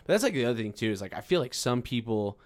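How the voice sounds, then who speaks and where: This man, a comedian on a casual podcast, talks fast in a medium-pitched, sing-song voice. He reasons out loud thoughtfully, rambling and restarting, and drops in "I was about to say."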